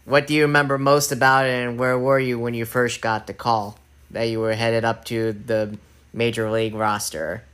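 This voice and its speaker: A man hosting a casual interview, asking relaxed questions with brief prompts. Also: medium pitch, normal speed, smooth. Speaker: interviewer, host.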